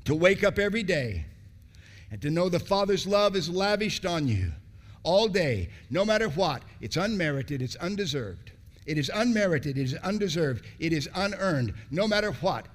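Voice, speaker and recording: Man, sermon, high voice, very animated delivery, emphatic repetition. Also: normal speed. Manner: repetitive, emphatic, swings from loud high bursts to low hushed lines. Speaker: preacher.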